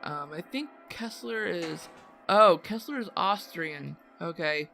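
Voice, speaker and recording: A woman playing a game and chatting excitedly, with exclamations and comments to herself. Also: lowish voice, takes it slowly, gravelly, soft background music. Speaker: game player. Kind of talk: let's play commentary.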